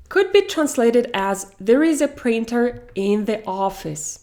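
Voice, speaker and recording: Slow, careful woman teaching a language. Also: medium pitch, lively intonation, a little mellow. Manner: slow, careful explaining with example sentences. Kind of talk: online language lesson.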